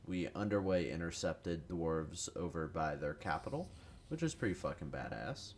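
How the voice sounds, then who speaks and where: A man's voice: low-pitched, lively intonation, moderate pace, hardly any pauses, a little mellow, a little hiss or hum. A man who is sick, giving rambling, profane, casual commentary over strategy gameplay. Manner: rambling, profane, self-deprecating. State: sick with a cold. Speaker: gaming youtuber.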